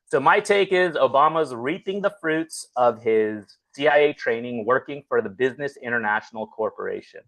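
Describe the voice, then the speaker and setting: A man hosting a casual livestream talk show, talking in a relaxed, conversational way. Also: medium pitch, moderate pace, few pauses, low-quality recording. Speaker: host.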